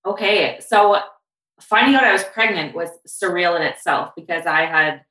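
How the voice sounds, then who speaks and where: A woman guest on a podcast telling her story in a chatty, animated way. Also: lowish voice, moderate pace, echoey room, recorded from a distance, low-quality recording. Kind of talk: casual podcast chat.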